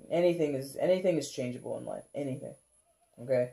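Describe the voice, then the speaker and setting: A tarot reader talks through a casual reading for viewers with a mellow, warm voice. The talk rambles, full of "like" and "kinda", with frequent laughs and playful act-outs of how viewers might feel. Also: mid-range voice, expressive, a little fast, vocal fry. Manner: laughs often, acts out viewers' reactions.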